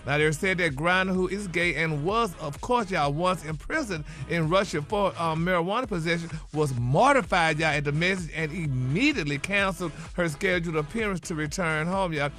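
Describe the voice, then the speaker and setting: Flamboyant male gossip host, high bright voice, honey-this y'all-that radio banter. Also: fairly quick, few pauses. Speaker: celebrity gossip segment host. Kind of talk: radio morning show gossip chat.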